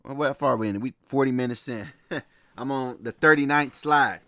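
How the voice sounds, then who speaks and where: A man's voice: mid-range voice, moderate pace, pushed and bright, dry recording. A man giving a casual lecture from slides, loose and repetitive, often laughing and checking in with his listeners. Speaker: presenter walking through slides.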